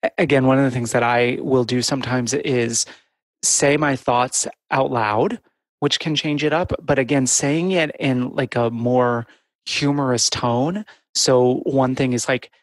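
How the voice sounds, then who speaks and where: A man co-hosting a podcast on therapy skills, explaining in a casual, animated and playful way. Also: medium pitch, unhurried, dry recording. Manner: animated, playful, breaks into funny voices. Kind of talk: casual instructional chat.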